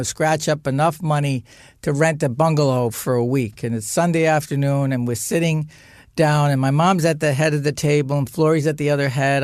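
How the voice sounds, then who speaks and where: An older man telling an animated family anecdote on a podcast, acting out shouting relatives. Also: fairly high pitch, no room sound, studio quality. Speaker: podcast guest. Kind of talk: storytelling anecdote.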